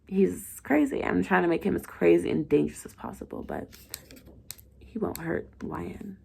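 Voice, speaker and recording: A young woman casually reads her own story aloud and chats with her followers in a slangy, familiar way. Her voice is fairly low, with a lot of vocal fry. She often drops into soft whispers. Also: normal speed, a little hiss or hum. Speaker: story writer and reader.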